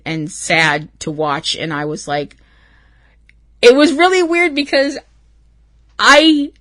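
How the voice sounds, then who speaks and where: A woman's voice: on the low side, pushed and bright, dry recording. A woman hosting a podcast, recapping an episode in a rambling, emotional way with plenty of swearing. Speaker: podcast host.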